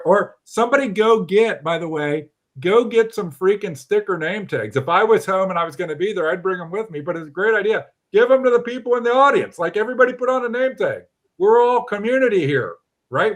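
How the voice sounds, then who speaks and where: Blunt, animated man hosting a call. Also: high voice. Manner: blunt, animated, mildly profane. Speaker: host of a local politics livestream. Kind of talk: casual online discussion.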